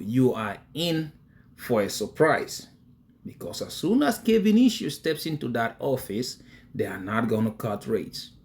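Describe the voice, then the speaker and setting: A man's voice: medium pitch, vocal fry, darkish tone. A man talking casually to his viewers, emphatic and chatty, often breaking into laughter. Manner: emphatic, addresses viewers directly. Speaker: crypto investing vlogger. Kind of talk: casual talk to camera.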